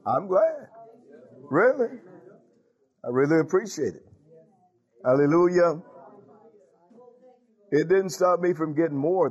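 A man preaching with lively swings in pitch, rising high when he calls out praise and dropping low when he turns serious. His voice sits a little higher than most men's and laughs break through often. The sound is dull and lo-fi. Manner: animated preaching with frequent laughs and call-outs. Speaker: pastor. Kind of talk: sermon.

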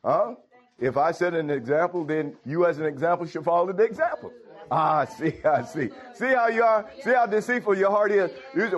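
A man preaches a sermon at normal speed, firing off rhetorical questions. His voice swings from low murmurs to loud exclamations, and he chuckles between phrases.

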